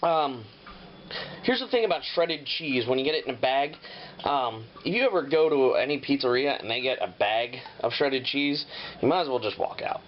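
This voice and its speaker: A man's voice: mid-range voice, expressive, moderate pace. A man hosting a casual home cooking show, rambling and swearing freely as he walks through the steps in his kitchen. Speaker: home cook and show host. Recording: dull lo-fi audio with clear noise.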